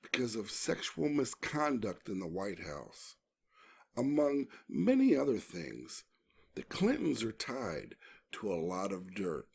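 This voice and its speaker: Man, host, gravelly, animated pitch, slow delivery, sarcastic rhetorical questions, commentary voice-over. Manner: mocking rhetorical questions, swings between loud outbursts and low asides.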